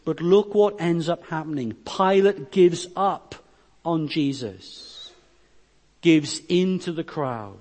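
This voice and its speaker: A man's voice: fairly high pitch, slow pace, a little mellow. A man preaching a sermon, reading scripture verses aloud and explaining them, his delivery rising and dropping in force. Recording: long reverb of a hall.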